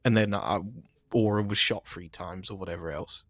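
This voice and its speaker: A man's voice: deep voice, fairly even intonation, normal speed, fairly bright tone, dry recording. A man, chatting in character as an undersheriff in a western roleplay, rambling and conversational.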